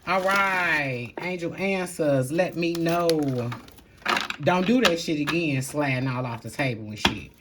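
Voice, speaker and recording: A woman doing a casual tarot reading to camera, talking bluntly in slang and swearing freely, moving between calm stretches and loud outbursts. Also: low voice, a little slow, very noisy. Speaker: tarot reader.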